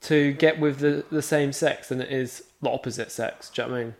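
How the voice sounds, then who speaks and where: A man's voice: medium pitch, fairly even intonation, brisk. A man co-hosting a podcast, teasing his friends and asking questions in casual chat. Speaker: podcast co-host. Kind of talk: casual banter.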